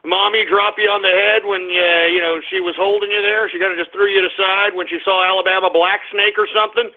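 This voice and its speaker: A man hosting a call-in radio show, blustering, shouting and taunting his callers. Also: high-pitched, little pitch movement, a little fast, creaky. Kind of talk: ranting call-in radio talk. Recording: phone-quality lo-fi broadcast audio.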